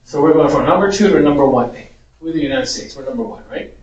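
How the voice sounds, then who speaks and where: A man's voice: fairly high pitch, fast talker, a little mellow, lo-fi sound. A man, a Spanish teacher, giving a chatty, amused informal lecture. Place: large echoey parish hall. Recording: echoey hall, distant mic.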